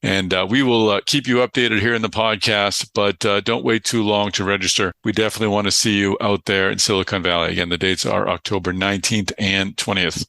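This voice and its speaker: Middle-aged boston guy hosting a podcast on a zoom call, low voice, bright edge, dry sound, lots of uhs. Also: steady tone, a little fast, vocal fry, hardly any pauses, no room sound. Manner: chatty, joking, with filler uhs. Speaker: podcast host. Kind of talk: casual podcast chat. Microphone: video call.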